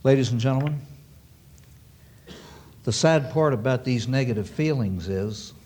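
A man's voice: mid-range voice, animated, a little slow, darkish tone, breathy edge. A man preaching a sermon to an audience, emphatic and repeating key phrases for weight.

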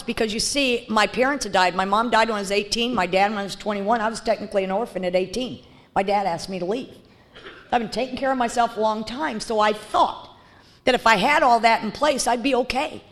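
A woman's voice: fairly high pitch, fast. A woman speaking bluntly and candidly as she shares her recovery story, with frequent fillers and restarts. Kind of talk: personal testimony talk.

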